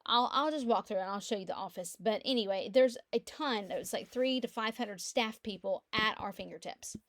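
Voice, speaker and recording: A middle-aged woman, chatting casually from home through her computer mic as she walks through an online office, with animated storytelling. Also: mid-range voice, normal speed, dry recording. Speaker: real estate agent. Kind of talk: casual screen-share walkthrough. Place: quiet room at home.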